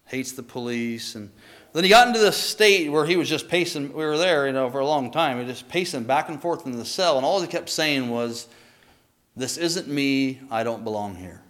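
Earnest man giving a halting testimony. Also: mid-range voice, fairly bright tone. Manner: earnest, halting, with frequent restarts. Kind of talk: personal faith testimony.

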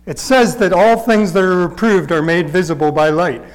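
A man's voice: high voice, moderate pace, rough recording. A man preaching a sermon, teaching in an earnest, conversational way and pressing his points with emphatic repetition.

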